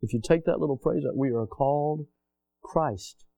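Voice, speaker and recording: A man preaching a sermon, reading scripture aloud and asking his congregation questions, swinging between quiet asides and loud emphatic rises. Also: on the high side, moderate pace, gravelly, no room sound. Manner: reads scripture aloud in old-fashioned wording. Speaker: pastor.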